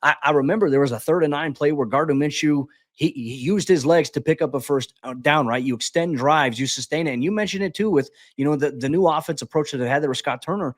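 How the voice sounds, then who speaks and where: Fast-talking man breaking down football. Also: a little high, dry recording, clean studio sound. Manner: rapid, animated, frequent stammered restarts. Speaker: guest podcast host. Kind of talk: casual sports analysis chat.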